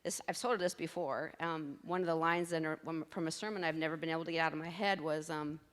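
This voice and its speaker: A woman's voice: low voice, steady tone, fast talker. A woman in the audience asking a question in a chatty, rambling, self-deprecating way. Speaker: audience member. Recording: reverberant hall sound.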